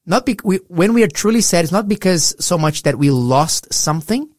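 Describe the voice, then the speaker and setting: A man's voice: high voice, animated, brisk, darkish tone, no echo, studio quality. A middle-aged man co-hosting a casual Bible discussion, earnest and reflective in a pastoral way. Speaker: podcast co-host.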